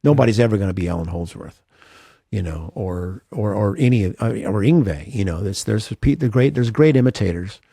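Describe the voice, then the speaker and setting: A man's voice: lowish voice, lively intonation, brisk, creaky, warm tone, breathy edge, no echo, studio quality. A man, a guitarist guest in an interview, talking earnestly and self-deprecatingly with lots of restarts. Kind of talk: reflective interview talk.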